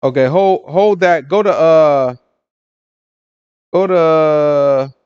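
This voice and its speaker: A man's voice: on the high side, drawn-out words, darkish tone, clean tone, no echo, lo-fi sound. A man teaching a casual Bible lesson, retelling scripture in street slang and acting out the voices of onlookers while checking in with his listeners.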